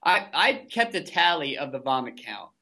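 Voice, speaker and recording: A man's voice: fairly high pitch, very animated, moderate pace, creaky, bright, forceful tone. Foul-mouthed man ranting on a podcast. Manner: profane, ranting, heavy swearing. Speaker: podcast co-host. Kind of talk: casual recap chat.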